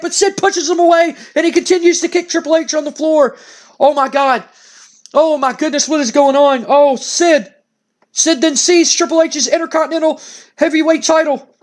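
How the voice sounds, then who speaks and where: A man narrating his wrestling sim game play-by-play, turning excitable. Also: very high voice, normal speed.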